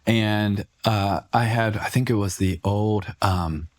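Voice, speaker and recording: A man, a former college football star, telling an animated story as a podcast guest and acting out the people he quotes. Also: on the low side, slow pace. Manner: animated storyteller who acts out quoted voices.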